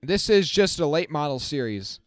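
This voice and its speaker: A man giving casual live-stream race commentary as the channel host, chatting with his viewers and getting excited on the restarts. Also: on the high side, normal speed, no room sound, studio quality. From not from the South. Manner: self-correcting, talks to the chat.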